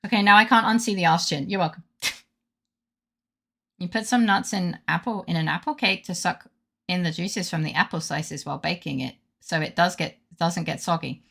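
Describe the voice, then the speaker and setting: A woman's voice: fairly low pitch, moderate pace, gravelly, fairly bright tone. A woman streamer giving playful, sarcastic commentary on a game, cursing casually.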